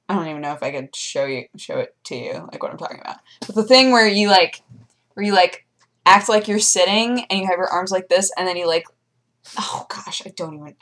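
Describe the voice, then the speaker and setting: A young woman vlogger chatting casually, telling animated stories and jumping into high squeaky voices for her pets. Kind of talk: casual chat.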